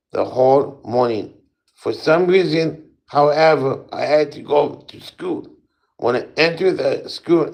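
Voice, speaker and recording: A man reading a first-person spooky story aloud in a halting way, with small slips and restarts. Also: mid-range voice, a little mellow, low-quality recording.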